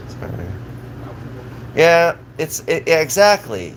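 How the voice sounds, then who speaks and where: Casting: man, live-streamer, swearing, rambling agitated rant, mid-pitched. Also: a little slow, a little hiss or hum, poor audio. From Southern California. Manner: profane, agitated, rambling with frequent restarts.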